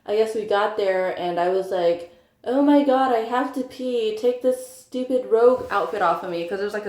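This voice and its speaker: A woman's voice: lowish voice, darkish tone. A young woman telling a rambling personal story in casual chat, with lots of "like" and "um". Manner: chatty, rambling, full of likes and ums. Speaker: vlogger. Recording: echoey room.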